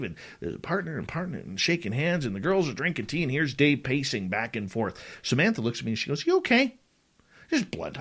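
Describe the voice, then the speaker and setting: Middle-aged radio host guy telling a wild story, voice jumps all over, acts out the dialogue. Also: medium pitch. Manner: animated, dramatic retelling with quoted dialogue. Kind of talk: casual storytelling.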